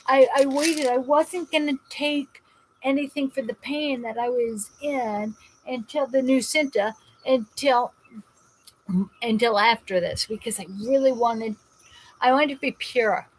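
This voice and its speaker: Jersey woman running a live stream, kinda high voice, rambly and animated, keeps restarting sentences. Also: unhurried, a little hiss or hum, low-quality recording. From New Jersey. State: in pain. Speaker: host of a live call-in show. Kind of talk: casual live-stream chat, reading viewer comments.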